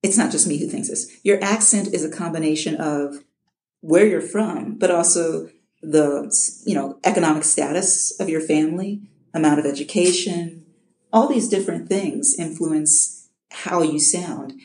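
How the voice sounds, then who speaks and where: A woman's voice: low-pitched, normal speed, dark tone, roomy sound. A middle-aged woman from Chicago, an audiobook narrator, talking casually in an interview, often restarting with repeated words and laughing.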